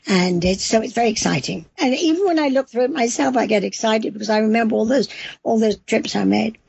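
Husky English-accented woman, enthusiastic. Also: on the high side, a little fast, a little mellow, no echo. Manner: enthusiastic, emphatic, rambling. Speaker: cookbook author guest. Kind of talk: interview on a call-in show. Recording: dull, lo-fi sound.

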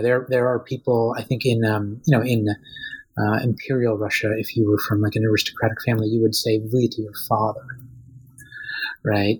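A man's voice: medium pitch, husky, low-quality recording. A man in his thirties, an author being interviewed, talking casually and hesitantly with many ums and restarts. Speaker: author guest.

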